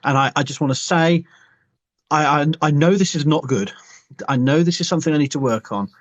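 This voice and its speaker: A man's voice: a little high, fairly quick. A man, a professor, chatting playfully on a live stream. He teases in a mock-confessional way and often restarts his words. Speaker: archaeology professor and host. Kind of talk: playful chat. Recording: dull lo-fi online live stream sound.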